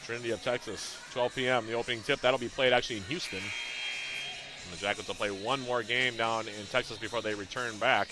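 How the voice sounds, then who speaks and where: A man calling a college basketball game play-by-play, reading out plays, scores and shooting stats in a brisk, rhythmic way. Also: medium pitch, fairly even intonation, over music. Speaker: play-by-play announcer.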